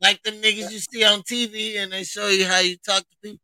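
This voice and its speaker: A man's voice: high voice, little pitch movement, fast talker, pushed and bright, a little hiss or hum, low-quality recording. A man on a podcast telling crude family stories in casual chat, laughing often between lines. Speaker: podcast co-host.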